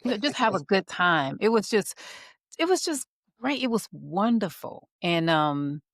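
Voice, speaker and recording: A woman's voice: mid-range voice, very animated, a little slow, fairly bright tone, no echo, clean studio sound. A middle-aged woman co-hosting a podcast, reflectively recounting a trip with her husband. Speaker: podcast co-host. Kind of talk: casual chat.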